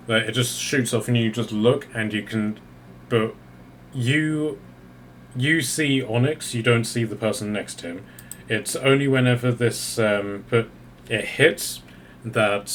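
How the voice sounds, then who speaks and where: A man runs a tabletop game as game master in a mid-pitched voice. His narration is halting, with frequent pauses to find the next word. A faint hiss sits under the recording. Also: fairly bright tone.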